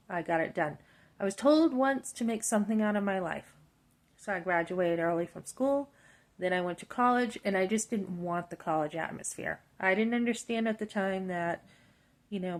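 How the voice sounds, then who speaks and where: Woman, 50s, vlogger, indignant and animated storyteller. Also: lowish voice. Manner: animated, indignant, talks through her frustration; acts out both sides of conversations. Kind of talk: personal storytelling.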